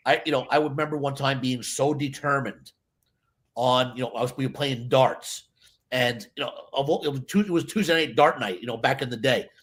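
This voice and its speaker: A man, a stage hypnotist, chatting in a casual interview and telling lively stories, acting out other people's voices. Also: medium pitch, brisk. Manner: animated storyteller, acts out voices.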